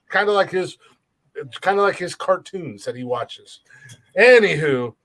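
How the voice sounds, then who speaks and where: A man's voice: high-pitched, lively intonation, unhurried, fairly bright tone. Brash profane man on a podcast. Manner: rattles off show plugs. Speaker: podcast co-host. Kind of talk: casual comedy podcast banter.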